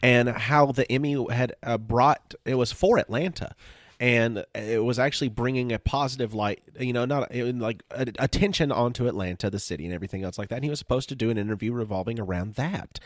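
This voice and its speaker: A man's voice: medium pitch, a little fast, no room sound, clean studio sound. A man co-hosting a podcast in casual chat, telling stories with lots of laughs. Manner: animated storytelling, laughs often. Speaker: podcast co-host.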